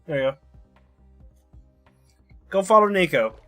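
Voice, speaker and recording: A man on a casual stream, laid-back, chatting and giving shout-outs to another streamer. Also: on the high side, animated, a little slow, faint music behind. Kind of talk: casual chat with friends.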